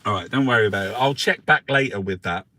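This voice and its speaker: A man chats loosely through the papers with a sweary, joking manner, talking straight to his viewers. His voice is bright and forward, with a faint hiss of noise behind him. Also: fairly low pitch, fast talker. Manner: sweary, chatty, jokey asides to viewers. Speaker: livestream host reviewing newspapers. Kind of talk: casual live chat.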